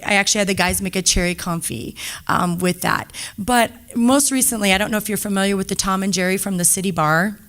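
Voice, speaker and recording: Woman, diner owner, panel talk, chatty, lively storytelling, average pitch. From Montana. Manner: chatty, animated storytelling with quoted voices. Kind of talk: panel talk to a live audience.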